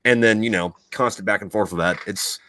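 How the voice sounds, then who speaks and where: A man hosting a podcast who is a military veteran, telling profane, animated stories in casual chat. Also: lowish voice, brisk.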